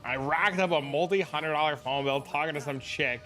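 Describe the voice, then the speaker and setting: Bright-voiced, crude joking male streamer. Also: fairly high pitch, moderate pace, faint music behind. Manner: crude, joking, storytelling, swears a lot. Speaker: game streamer. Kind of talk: casual chat.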